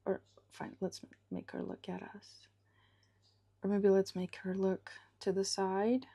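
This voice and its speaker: A woman illustrator talking through a live drawing session, thinking aloud slowly and often dropping to a half-whisper as she works. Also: medium pitch, flat delivery, creaky, mellow.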